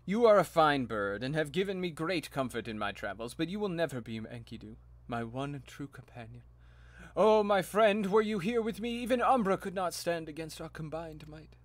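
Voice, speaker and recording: A man voicing a pompous, melodramatic gentleman adventurer who speaks in florid, old-fashioned phrases. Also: a little high, lively intonation, moderate pace, dry recording, close to an everyday voice. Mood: lamenting.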